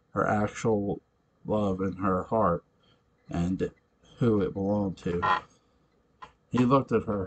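A man narrating an amateur audiobook in a halting, deliberate reading with occasional restarts. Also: low voice, slight background noise, low-quality recording.

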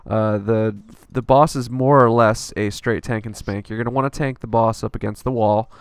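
A man's voice: on the low side, fairly even intonation, moderate pace, smooth, no echo. A man narrating a casual gameplay strategy guide in a loose, rambling way, full of fillers and offhand swearing.

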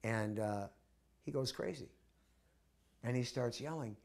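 A man's voice: mid-range voice, measured pace, creaky, pauses often, a little mellow. A man recounting memories in an interview, telling his story vividly and acting out the voices of the people in it. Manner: acts out the voices in his stories; vivid, with restarts. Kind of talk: animated storytelling.

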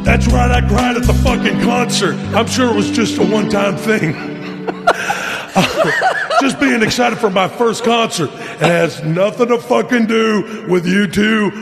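A man playing a male rock star in a parody song who repeats words, half sung and half spoken, over loud guitar music. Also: sits high, moderate pace, hardly any pauses. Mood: silly.

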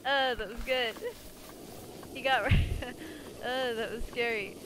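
A woman's voice: on the high side, steady tone, takes it slowly, very noisy. A young woman streaming a video game live, chatting and giggling, cooing at enemies in a baby voice. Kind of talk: live gameplay commentary. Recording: music playing under the voice.

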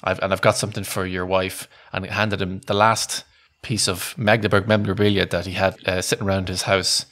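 A man's voice: deep voice, level tone, a little fast, few pauses, a bit bright. A man co-hosting a podcast, telling a long anecdote in a casual, rambling way, often restarting sentences and laughing. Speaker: podcast co-host.

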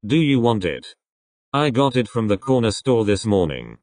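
A man reading a fan-written text-chat story aloud, in an animated storytelling manner. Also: lowish voice, normal speed, dry recording. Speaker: reader.

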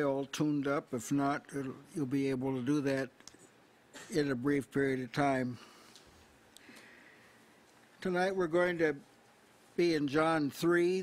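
A man preaching an expository sermon at a small house church, measured and repetitive, slowing on key words. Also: on the high side. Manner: measured, repeats phrases, slows on key words.

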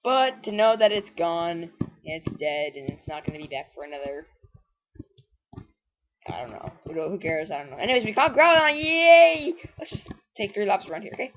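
A woman's voice: low-pitched, expressive, normal speed, muffled recording. A woman giving rambling, casual commentary while playing a video game and talking back at it. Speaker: let's play host.

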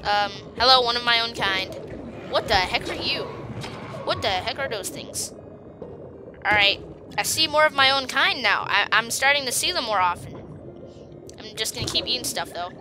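A woman giving casual, excitable commentary on her gameplay, taunting creatures on screen and giggling often. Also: fairly high pitch, normal speed, long pauses, over music. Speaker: gaming video host.

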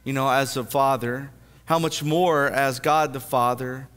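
A man preaching a sermon as pastor, earnest, stammering into restarts and swinging between hushed and lively. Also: mid-range voice, measured pace, clean tone, in a large hall. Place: church sanctuary.

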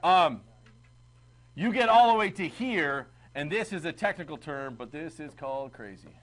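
Animated male teacher lecturing a class. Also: on the high side, moderate pace, rough recording. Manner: animated, chatty, asks the class questions. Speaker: history teacher.

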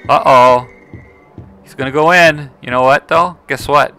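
A man giving casual gameplay commentary, playful and excitable, teasing other players and chatting to his viewers. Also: mid-range voice, normal speed, vocal fry, clean tone, soft background music. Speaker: gaming video creator.

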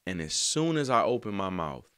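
Man, low voice, animated pitch, earnest, slangy, dry close recording. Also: normal speed, clear, resonant tone, no echo. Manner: earnest, emotional, slangy, sings lines softly. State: choked up. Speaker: songwriter. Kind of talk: heartfelt spoken testimony.

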